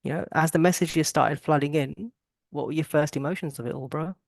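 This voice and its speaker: A man's voice: a little high, brisk, vocal fry, no echo, clean studio sound. Rambling, emphatic man hosting a podcast. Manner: rambling, emphatic, calls guests bro. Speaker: podcast host. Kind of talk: casual podcast chat. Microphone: video call.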